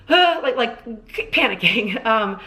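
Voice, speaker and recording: A woman's voice: on the high side, pushed and bright. A woman in her twenties telling a personal story to camera as a vlogger, rambling with lots of fillers and restarts. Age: 20s. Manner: rambling, filler-heavy, self-dramatizing. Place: Los Angeles.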